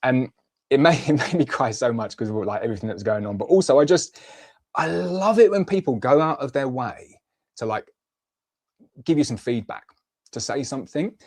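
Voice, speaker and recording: Chatty British beekeeping livestream host. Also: male voice, mid-range voice, animated, moderate pace, darkish tone. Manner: rambling, emotional, lots of fillers and restarts. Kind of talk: casual livestream chat.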